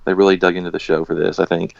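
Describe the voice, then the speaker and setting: A man co-hosting a podcast in casual chat about a game, chiming in with quick agreement. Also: low-pitched, level tone, vocal fry, muffled recording. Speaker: podcast co-host.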